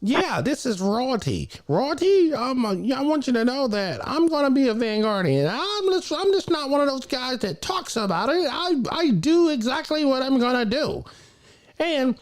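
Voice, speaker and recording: A man imitating a proper-talking adult male dog client calling in, in a high, slow, deliberate voice. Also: very animated. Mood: earnest.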